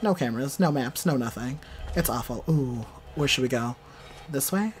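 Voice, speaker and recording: A young adult gaming host giving playful, chatty let's play commentary. The host talks back to the game characters and breaks into excited shouts during fights. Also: medium pitch, moderate pace.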